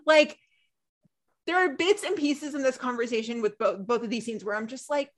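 A woman's voice: high voice, lively intonation, moderate pace. A woman co-hosting a podcast, recapping a TV episode in casual chat, ranting emphatically and swearing freely.

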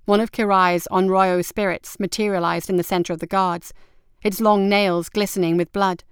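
A woman narrating an adventure story in a steady, even storytelling manner. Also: mid-range voice, normal speed, clear, resonant tone, dry recording, clean studio sound. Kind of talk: audiobook narration.

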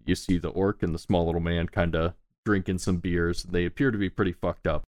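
A man's voice: sits low, fairly even intonation, fairly quick, a little mellow, dry recording, clean studio sound. A man running a tabletop game as game master, narrating in a loose, laid-back way with casual swearing.

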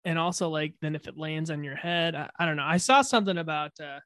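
Playful higher-voiced man, dry sound. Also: quick pace, sharp tone, clear, resonant tone, no room sound. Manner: playful, jokey. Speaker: podcast co-host, actor. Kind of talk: casual chat. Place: home in Los Angeles.

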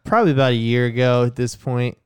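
A man's voice: mid-range voice, fast, darkish tone, a little hiss or hum. A man in a casual podcast chat, making wry jokes as he reads aloud. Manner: wry, joking asides. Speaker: podcast co-host.

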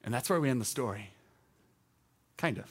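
A male teaching pastor preaching a sermon in a conversational, emphatic way that climbs to loud proclamations. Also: medium pitch, expressive, normal speed, breathy edge.

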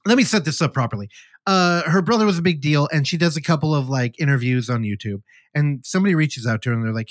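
Casting note: male podcast host, casual and rambling, with a lively voice in a dry, close recording. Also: a little high, fairly quick, no room sound. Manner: rambling storyteller, animated retelling. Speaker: podcast host reviewing films. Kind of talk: casual chat.

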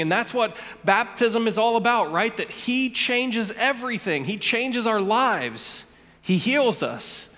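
A pastor with a notably high voice delivers an earnest sermon to his congregation, often stumbling into a repeated word before a phrase. His voice carries a long reverb from the large sanctuary around him. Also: fairly bright tone. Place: church sanctuary.

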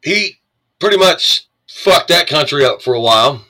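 A man's voice: on the high side, expressive, normal speed, pushed and bright, low-quality recording. A man from the United States ranting angrily and sarcastically, swearing as he reacts to the news he reads. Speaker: commentator reading the news. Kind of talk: profane political rant.

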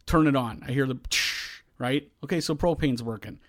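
Regular guy on a podcast going on about his grill, gets loud acting out the yelling parts. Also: mid-range voice, moderate pace, dry recording, clean studio sound. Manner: animated, yells when reenacting. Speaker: podcast host. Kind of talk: casual storytelling.

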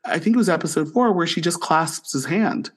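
A man co-hosts a podcast in easy, casual conversation. His voice sits fairly high, and he gushes with enthusiasm, slipping into little quoted voices as he retells scenes. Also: animated, brisk. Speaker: podcast co-host. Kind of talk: casual chat.

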